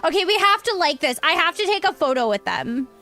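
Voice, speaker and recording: A woman's voice: very high-pitched, very animated, fairly quick, pushed and bright, faint music behind. A woman streamer chatting casually while gaming, bubbly and talkative, answering chat, sounding tired.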